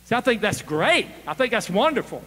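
A male preacher tells a story with animated delivery and keeps throwing questions to the congregation. His voice sits fairly high and swings widely in pitch. A big church sanctuary adds a long reverb tail. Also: a little fast. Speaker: guest preacher. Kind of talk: sermon storytelling.

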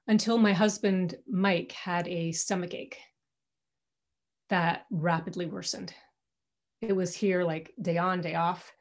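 A middle-aged woman giving a personal talk to an alumni audience from her home, candid and conversational, often restarting her sentences. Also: mid-range voice. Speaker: guest speaker.

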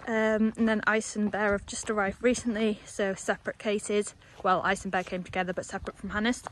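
A woman's voice: medium pitch, level tone, fairly quick, a bit bright. A young woman, casually chatting as she gives a walking tour of a horse yard. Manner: chatty, rambling, coos at the animals. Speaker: stable staff member giving a tour.

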